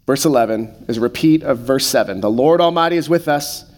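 A man in his thirties preaching a sermon, slowing to soft, deliberate pauses on key phrases. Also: mid-range voice. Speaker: pastor.

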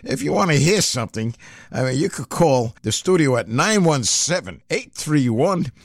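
A man's voice: a little high, moderate pace, vocal fry, no room sound. An older man hosting an oldies radio show, talking casually and loosely between records in a studio, with many fillers. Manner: lively, rambling, filler-heavy.

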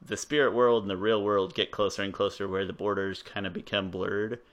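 A man's voice: lowish voice, level tone, fairly quick. A man chatting casually as a podcast co-host, who goes off on tangents. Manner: goes off on tangents, acts out quotes. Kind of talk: casual chat.

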